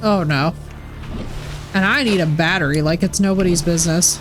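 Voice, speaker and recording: A woman's voice: lowish voice, moderate pace. A woman live-streaming a game in casual chat, swearing freely and filling her talk with "like". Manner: chatty, swears freely, says "like" constantly. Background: faint game music.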